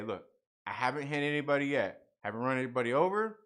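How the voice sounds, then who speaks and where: A man rambles through a story on his livestream, his voice bright and swinging up and down as he acts out each person. He repeats himself often and drops in casual swearing. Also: mid-range voice, very animated, fairly quick. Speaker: channel host.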